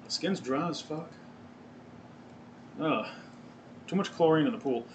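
Here a man with a fairly high voice chats unhurriedly on his own podcast against a noisy background. He rambles, swears and frequently corrects himself, speaking into a webcam or desk mic shown on video.

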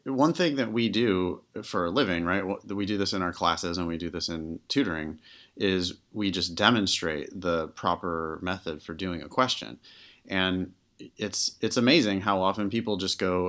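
A man's voice: sits low, normal speed, fairly bright tone. A man co-hosting a podcast as a test-prep tutor, talking candidly and animatedly with plenty of filler words. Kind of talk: casual podcast conversation.

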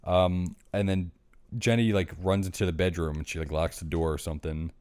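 Male podcast co-host, low voice, rambling, swears a lot. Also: flat delivery, brisk, darkish tone, clear, resonant tone, no room sound. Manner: rambling, swears freely, laughs often. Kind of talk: casual movie review chat.

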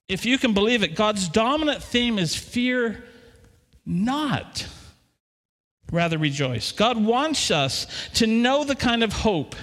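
Middle-aged man, pastor mid-sermon, lively swooping delivery in a reverberant church. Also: sits high. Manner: animated, talks to the congregation with questions. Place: church hall. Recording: long hall reverb.

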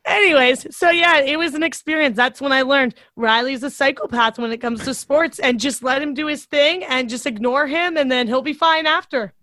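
A young woman co-hosting a casual chat, telling animated stories with frequent laughter and casual swearing. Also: sits high, moderate pace, few pauses, dry recording.

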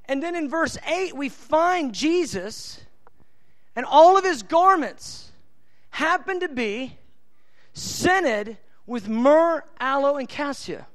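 A man's voice: very high-pitched, lively intonation, takes it slowly, fairly bright tone. A male preacher delivering an impassioned sermon, emphatic and mixing scripture with casual, colloquial asides.

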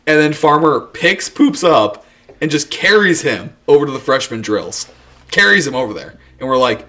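A man's voice: medium pitch, lively intonation, normal speed, bright, forceful tone. A man telling a rambling, crude story in a casual podcast chat, laughing often as he goes. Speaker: podcast co-host.

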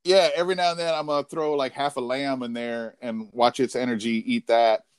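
A man in casual chat, telling stories in a profane, rambling, animated way. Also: mid-range voice, a little fast, clean tone, dry recording.

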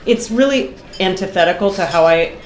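A middle-aged woman from Boston, a guest artist chatting casually in an interview, animated and talkative, laughing often. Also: fairly low pitch, moderate pace, echoey room. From Boston, USA.

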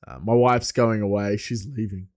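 A man's voice: fairly low pitch, fairly even intonation, moderate pace, no room sound, clean studio sound. Chatty Australian man, laughing and rambling. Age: adult with a young son. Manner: chatty, laughs often, meandering asides. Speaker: podcast host. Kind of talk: casual rambling monologue.

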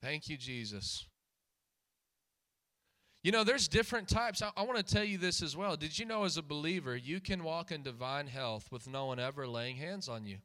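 A slightly high, expressive male voice delivers a sermon at normal speed, bright and forceful. He presses his message through repeated key phrases and questions to the congregation.

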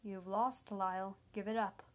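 A cold, mocking male killer, smug and taunting in every word, as a woman narrator reads him. He talks at a medium pitch, calm and menacing. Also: a little slow, natural voice.

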